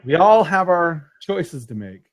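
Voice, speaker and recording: A man voicing an easygoing male adventurer who tries to calm others down. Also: a little high, unhurried. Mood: placating.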